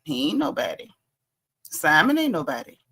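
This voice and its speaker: A woman's voice: low-pitched, huge pitch swings, moderate pace, fairly bright tone, breathy edge. A woman hosting a casual gossip commentary show, chatty and sassy, laughing and reading blog posts aloud with her own asides. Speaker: host.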